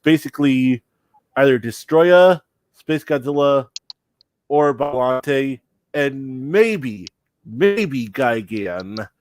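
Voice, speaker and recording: A man's voice: medium pitch, lively intonation, drawn-out words, no room sound. Matter-of-fact man on a dry mic. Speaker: podcast co-host. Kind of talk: casual chat.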